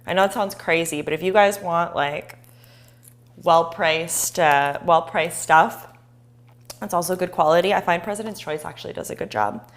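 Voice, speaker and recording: A woman's voice: on the low side, normal speed. Chatty woman hosting a cooking demo. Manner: chatty and encouraging, talking to viewers. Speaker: cooking show host. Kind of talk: live cooking demonstration.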